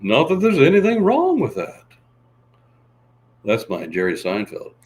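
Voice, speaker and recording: A man's voice: mid-range voice, wildly swooping pitch, unhurried, darkish tone. A man imitating a famous comedian with a whiny, rising sitcom delivery. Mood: exasperated.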